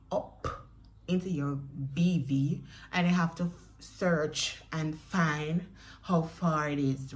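A young Jamaican woman in a chatty storytelling vlog who speaks straight to her viewers. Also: low voice. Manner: chatty, addresses viewers directly, acts out quoted voices. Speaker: vlogger.

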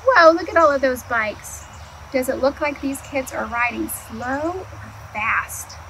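A woman's voice: sits high, a little hiss or hum, rough recording. A woman, an early childhood educator, reading a picture book aloud to young children, asking them questions and answering them herself. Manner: animated, asks the kids questions and answers them; slow, clear storytime delivery.

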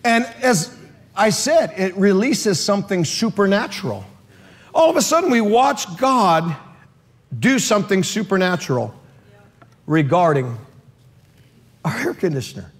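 Animated high-pitched preaching man. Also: measured pace, pauses often, slightly rough. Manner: animated, shouting in bursts, acts out voices. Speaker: pastor. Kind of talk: lively sermon with comic storytelling.

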